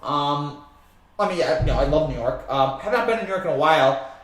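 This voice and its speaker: A man's voice: a little high, animated, fairly quick, fairly bright tone, very echoey. A man from New Jersey hosting a live sports stream, rambling through viewer comments with lots of fillers and restarts.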